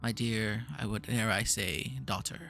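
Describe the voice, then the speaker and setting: A man's voice: lowish voice, fairly even intonation, measured pace, sharp tone. A man playing a pompous grandiose old mage. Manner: pompous, theatrical, touchy. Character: grandiose eccentric male mage, game's creator.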